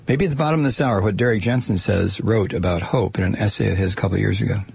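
A man's voice: lowish voice, fast talker, vocal fry, a little mellow, breathy edge, no room sound. A middle-aged man hosting a talk radio show, reading out a news story and mocking it with sardonic asides and laughter, close to a studio mic.

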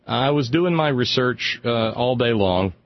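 A man's voice: medium pitch, animated, a little slow, highs cut off. A man hosting a radio talk show, delivering sardonic, rambling political commentary and stumbling over repeated words as he gets worked up.

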